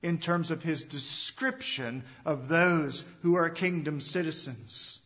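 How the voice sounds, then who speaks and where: A fairly high-voiced man preaching a sermon, pressing hard on key words and then sinking to a near hush at the end of a thought. He repeats phrases and asks his listeners direct questions. The recording sounds muffled and lo-fi. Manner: emphatic preaching that swings between loud stresses and hushed, drawn-out endings. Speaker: pastor. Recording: dull lo-fi recording.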